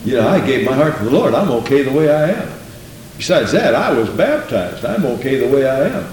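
A man's voice: big pitch swings, a little fast, darkish tone, a little hiss or hum. A man preaching a sermon in a church, asking questions and acting out quarrels between people. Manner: rhetorical, acts out quoted dialogue with pitch jumps. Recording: very echoey room, voice far from mic.

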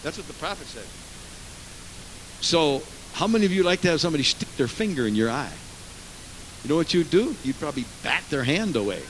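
A man preaching a sermon in church as pastor, emphatic, with rhetorical questions to the congregation and big swings in pitch and volume. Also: sing-song, fairly quick, pauses often, a bit bright, slight background noise, poor audio.

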